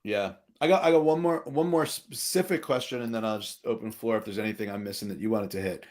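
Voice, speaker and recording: A man hosting a podcast in casual conversation, talking in an animated way with many restarts. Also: lowish voice, fast. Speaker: podcast host. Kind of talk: casual chat.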